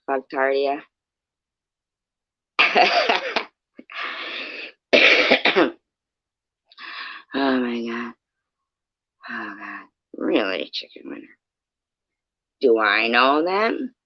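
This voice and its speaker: A woman chats with her viewers at an unhurried pace, cracking jokes and laughing often. She swears freely. The sound is dull and lo-fi, with a dry room. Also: a bass voice, big pitch swings, bright, forceful tone, no echo. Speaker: streamer chatting with viewers. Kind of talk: casual live chat.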